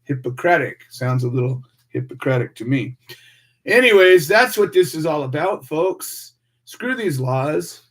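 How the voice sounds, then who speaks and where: This American radio host delivers a passionate, sermon-like monologue at a moderate pace, firing off one rhetorical question after another and hammering points through repetition. For a man, his voice sits somewhat high.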